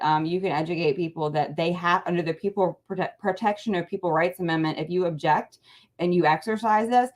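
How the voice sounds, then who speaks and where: A middle-aged woman with a somewhat low voice talks casually as a guest on a political show. She rambles, breaks off mid-word and restarts often, and leans on fillers. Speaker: guest, parent advocacy co-founder.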